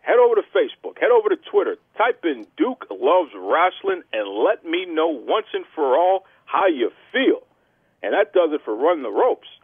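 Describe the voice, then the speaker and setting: A man's voice: fairly high pitch, big pitch swings, moderate pace, husky, no room sound, phone-quality sound. A man hosting a wrestling podcast with a boastful, theatrical heel persona. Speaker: podcast host. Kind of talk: brash wrestling podcast talk.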